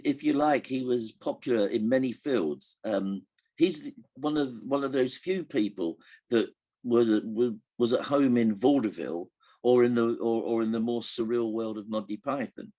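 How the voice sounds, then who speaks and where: A man's voice: medium pitch, warm tone. An older man telling anecdotes in an interview, hesitant with many restarts, chuckling as he tells jokes. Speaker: interviewee recalling a comedian. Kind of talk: relaxed anecdotal interview answers.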